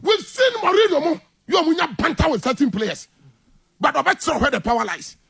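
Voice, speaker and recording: A man's voice: extremely high pitch, big pitch swings, brisk, vocal fry, fairly bright tone. A man with a Ghanaian accent, a football coach speaking indignantly in a heated interview, mixing English and Twi.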